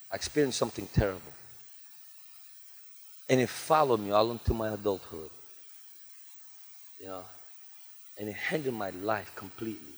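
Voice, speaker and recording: A middle-aged male pastor, preaching a lively sermon with humor, chanted repetition and sudden shifts between loud high bursts and soft low asides. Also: breathy edge. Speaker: guest pastor. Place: church.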